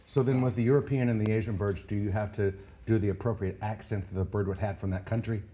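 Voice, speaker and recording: A man's voice: lowish voice, fairly even intonation, fast talker, dark tone. Playful man in his fifties. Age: 50s. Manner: playful, joking. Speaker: co-host. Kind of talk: casual chat.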